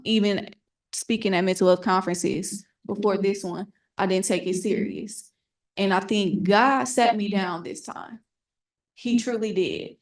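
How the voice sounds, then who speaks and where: Earnest young woman telling her story. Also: medium pitch. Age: young adult. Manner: candid, earnest storytelling that acts out remembered dialogue. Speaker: young adult panelist. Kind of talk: personal story at a panel.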